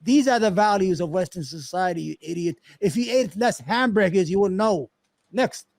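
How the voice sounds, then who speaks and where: A man's voice: high-pitched, animated, moderate pace, vocal fry, no echo. A man arguing in a heated casual debate, blunt and repetitive, with frequent stumbling restarts. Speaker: debate guest.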